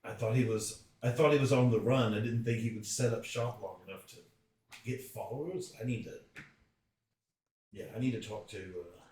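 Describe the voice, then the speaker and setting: A man's voice: mid-range voice, moderate pace, darkish tone, very echoey, distant mic, poor audio. A man playing at a tabletop game, musing in character and laughing often. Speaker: player. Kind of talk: casual in-character table talk.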